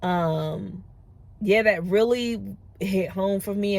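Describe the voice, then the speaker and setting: A woman, a mother telling a story casually to her phone camera, animated and exasperated. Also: fairly low pitch. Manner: animated, rising to exasperated disbelief. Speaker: vlogger, mother.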